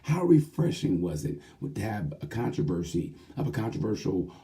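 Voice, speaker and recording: A man with a low, very mellow voice gives a casual recap of a weekend's racing. He rambles and jokes, drifting into quick asides. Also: very animated. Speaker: racing commentator host.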